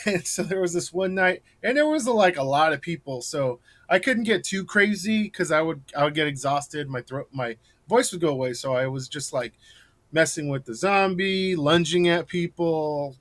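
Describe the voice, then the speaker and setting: With a fairly bright voice on the high side and a moderate pace, a man chats as an interview guest. He's a scare actor and a rambling storyteller, laughing, restarting, and using plenty of fillers.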